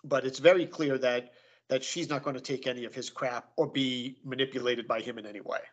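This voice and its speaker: A man's voice: mid-range voice, steady tone, brisk. A man guesting on a casual podcast discussion, thinking aloud with many fillers.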